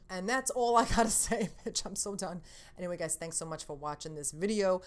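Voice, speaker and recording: A woman's voice: on the low side, fast. A woman hosting a casual gaming news vlog, blunt and outspoken with lots of swearing. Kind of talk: casual monthly news rant.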